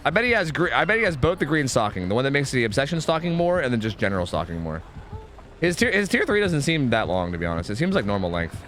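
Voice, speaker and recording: A young man streaming a game, chatting casually with his viewers, swearing freely and trailing into quick asides. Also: mid-range voice, sing-song, fairly bright tone. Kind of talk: casual gaming commentary.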